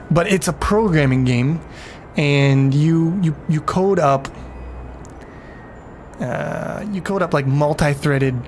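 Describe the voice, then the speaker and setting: A man's voice: a little high, slight background noise. A man casually commenting on his game during a livestream, rambling, swearing freely and chatting with viewers. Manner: rambling, profane, talks to chat.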